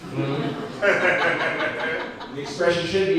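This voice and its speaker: A young man performing a stand-up comedy set in a club, with wry, self-deprecating delivery and quick crowd work. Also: mid-range voice, expressive. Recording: echoey club room from a distance with audience noise.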